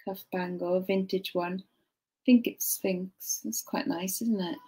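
A young woman casually chatting to a live stream while sorting jewellery, muttering soft asides to herself. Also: medium pitch, fairly even intonation, slow, husky.

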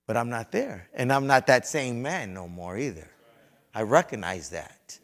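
Gravelly-voiced preaching man. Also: medium pitch, lively intonation, a little slow. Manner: swings from loud fervent preaching to quiet storytelling; folksy, conversational asides. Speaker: pastor. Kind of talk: sermon.

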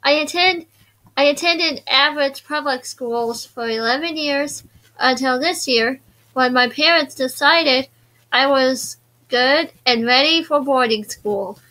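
Woman reading a new student's lines, high and crisp, near her natural voice. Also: a little slow, sharp tone, poor audio. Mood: matter-of-fact. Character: new girl student narrating her first day.

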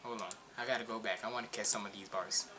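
A man with a non-native English accent hosting a casual reaction video, chatty and excitable, laughing often. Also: fairly low pitch, fast.

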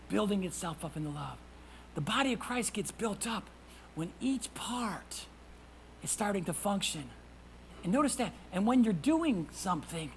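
A man preaching a sermon as pastor. He reads scripture aloud, calls out to the congregation for responses, and swings from hushed whispers to loud emphasis. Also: high-pitched, slight background noise, poor audio. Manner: reads scripture in old-fashioned wording.

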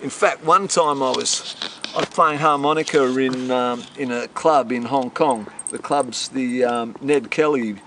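A man's voice: medium pitch, unhurried, sharp tone, slight background noise. A middle-aged man being interviewed, rambling in a boisterous, swaggering and profane way. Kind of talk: rambling casual interview talk.

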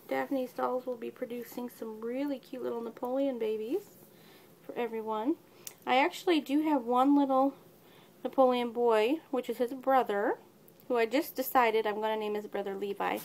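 A woman's voice: fairly high pitch, normal speed, darkish tone, a little hiss or hum. A woman who breeds cats, chatting casually in a home video and slipping into baby talk with her kitten. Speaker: cat breeder. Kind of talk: casual pet video chat.

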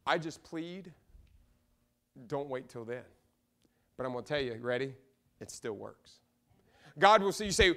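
A man with a Midwestern American accent preaching a sermon in a church, swinging from loud, emphatic repeated lines to hushed asides. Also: on the high side, lively intonation, brisk. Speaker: pastor. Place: church sanctuary.

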